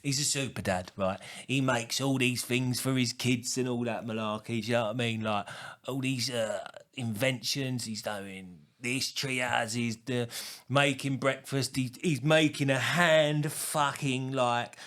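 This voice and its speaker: A man, co-hosting a casual podcast chat and telling stories in an animated, ranting way, often laughing. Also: mid-range voice, measured pace, few pauses. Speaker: podcast co-host, tradesman.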